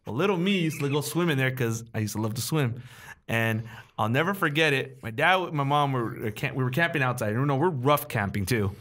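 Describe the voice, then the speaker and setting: A man co-hosting a casual podcast, recounting a childhood story among friends in a relaxed way and laughing along. His voice sits in a plain middle range. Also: medium pitch, a little fast. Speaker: podcast co-host.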